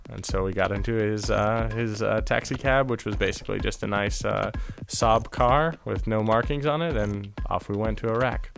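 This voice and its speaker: A man's voice: lowish voice, moderate pace, vocal fry, soft background music. A man telling a travel story as an interview guest, rambling with many fillers and restarts. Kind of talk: casual anecdote telling.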